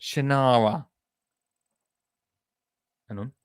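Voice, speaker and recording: A man hosts a gardening podcast in a loose, jokey way. He rambles with plenty of ums and uhs at a mid pitch, friendly and chatty. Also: drawn-out words, clear, resonant tone, no echo, clean studio sound. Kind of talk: casual chat.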